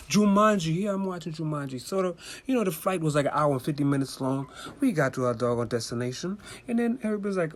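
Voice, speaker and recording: Young man from D.C., casual comic storyteller, lively pitch, does voices. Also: fast. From Washington, D.C. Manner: animated, acts out voices with high squeals.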